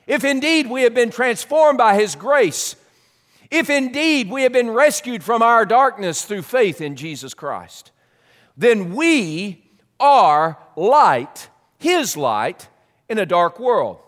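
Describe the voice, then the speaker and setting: Animated male pastor preaching in a hall. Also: extremely high pitch, unhurried. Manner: animated preaching with repetitions and stretched emphasis. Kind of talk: sermon.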